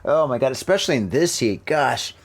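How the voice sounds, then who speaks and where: A middle-aged American man hosting a casual news chat from home, rambling and joking as he reads stories haltingly. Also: mid-range voice, expressive. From United States. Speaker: podcast host. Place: home room with a fan running. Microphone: laptop mic.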